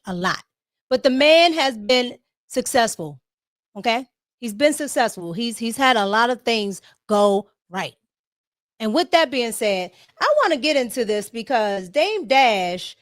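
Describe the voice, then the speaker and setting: A woman's voice: fairly high pitch, no echo, studio quality. A woman hosting a casual political livestream, talking emphatically, repeating herself and tagging her points with "okay?". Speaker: political commentary host.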